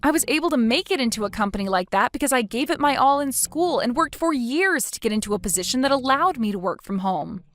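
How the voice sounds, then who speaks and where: Brief: woman narrator, slightly high, very animated, firm scripted story reading. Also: fast, few pauses, faint music behind.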